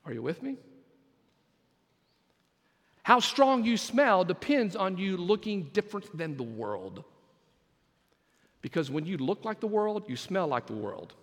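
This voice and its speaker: A man preaching a sermon as pastor, emphatic and swinging between quiet, drawn-out phrases and loud bursts. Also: sits high, big pitch swings, in a large hall.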